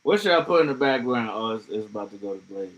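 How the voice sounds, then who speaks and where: A man chatting casually on a livestream, reacting to comments with loose, profane talk and laughing asides. His voice sits at an ordinary pitch for a man with a bright, edgy timbre. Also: lively intonation, quick pace.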